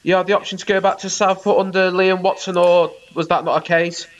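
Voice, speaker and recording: A man's voice: high voice, level tone, fairly quick, highs cut off, slight background noise. A man hosting a podcast interview, who mostly listens and asks short questions in a casual chat. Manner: quiet listener, brief backchannels and questions. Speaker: podcast host.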